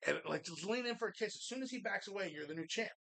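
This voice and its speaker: A man's voice: sits high, lively intonation, fast, creaky, sharp tone. A male podcast host, rambling through crude, profane banter. He tells stories loosely and jokes his way through sponsor plugs.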